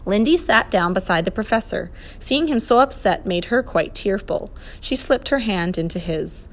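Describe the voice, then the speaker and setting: A woman's voice: mid-range voice, expressive, normal speed. Woman reading a children's storybook. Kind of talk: storybook read-aloud narration.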